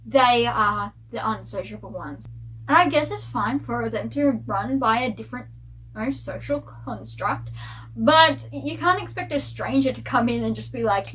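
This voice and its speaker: Woman, book vlogger, gossipy rant, casual review, slightly high voice. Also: measured pace, a little hiss or hum, rough recording. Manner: animated, ranting, gossipy.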